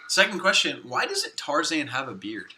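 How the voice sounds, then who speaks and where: A man's voice: on the high side, very animated, normal speed, slight background noise. A young man co-hosting a casual podcast chat. He is easygoing and agreeable and says "like" a lot. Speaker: podcast co-host.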